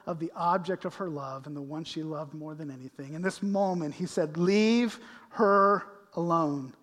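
A man preaching a sermon as pastor, swinging between hushed, slow passages and loud bursts, recorded in a church sanctuary. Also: fairly high pitch. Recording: echoey hall with long reverb.

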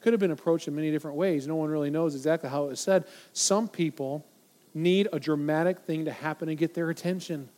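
A man preaching a sermon, emphatic and repetitive, now and then acting out voices from soft to loud. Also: a little high, quick pace. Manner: emphatic, repeats phrases for weight; acts out quoted voices, from loud to near silent. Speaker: pastor.

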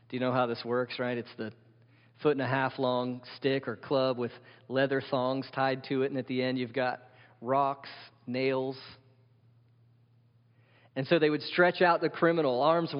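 Male pastor, emphatic sermon delivery, questioning the congregation, dull lo-fi sound with long hall reverb. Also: medium pitch.

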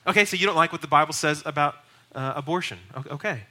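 A pastor in his middle years teaches on sharing the faith. His voice is strikingly bright and sharp, and he speaks earnestly and with emphasis, now and then pressing into raised, urgent stretches. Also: fairly high pitch, quick pace. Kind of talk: teaching on evangelism.

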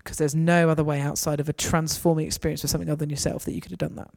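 A woman's voice: sits low, level tone, very fast, vocal fry, darkish tone. A woman giving a conversational, anecdotal talk to a gathering. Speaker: speaker. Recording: reverberant hall.

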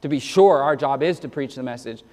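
A man's voice: medium pitch, fairly quick, a little mellow, big-room sound. A man preaching a sermon as pastor, earnest and emphatic, rattling off verse references and often repeating his first words. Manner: repeats words when starting sentences.

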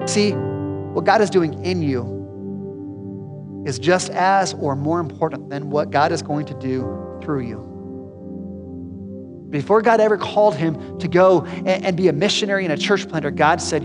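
A man's voice: sits high, a little slow, long pauses, in a large hall. Male pastor, conversational sermon delivery, emphatic, music playing under him. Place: church sanctuary.

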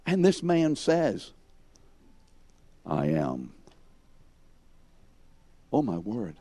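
Slow, mellow male Bible teacher. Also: lowish voice, huge pitch swings, dry recording. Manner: questions the class and calls on students by name; emphatic, acts out scenes in second person. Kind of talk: classroom Bible lesson.

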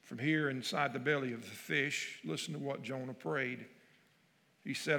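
Male pastor, gravelly and forceful, preaching with swelling emphasis in a reverberant church hall. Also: medium pitch, steady tone, moderate pace. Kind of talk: sermon with scripture reading.

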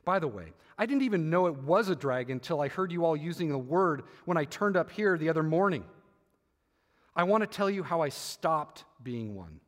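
A man's voice: fairly high pitch, lively intonation, normal speed, voice pushed down, close to an everyday voice. Man reading as a shaken, confiding boy, hall echo. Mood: subdued. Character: troubled boy turned back from a dragon. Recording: hall reverb.

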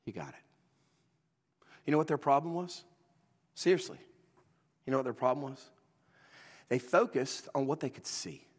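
Male preacher, middle pitch, emphatic and folksy, long hall reverb. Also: slightly rough. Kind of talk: sermon.

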